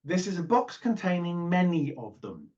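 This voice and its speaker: A man's voice: sits high, very animated, normal speed, darkish tone, muffled recording. Man co-hosting, playful and rambling. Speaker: podcast co-host. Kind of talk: casual chat.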